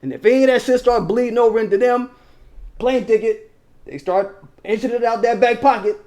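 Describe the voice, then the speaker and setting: A man's voice: extremely high pitch, a little fast, darkish tone, muffled recording. A man hosting his own political commentary channel, talking straight to viewers in a heated, slangy, profane way.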